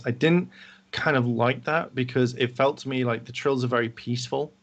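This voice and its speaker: A man co-hosting a casual review discussion, animated and quick to act out what characters said. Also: mid-range voice. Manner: animated, acts out characters' lines while talking. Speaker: podcast co-host.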